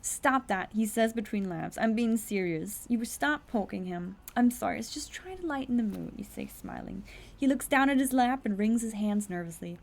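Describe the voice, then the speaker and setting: Young woman gamer streaming, reads the story out fast then snaps back w/ blunt asides, bit of vocal fry, voice sits a little high. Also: lively intonation, darkish tone. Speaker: streamer playing a text adventure. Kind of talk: casual live-stream commentary, reading game text aloud.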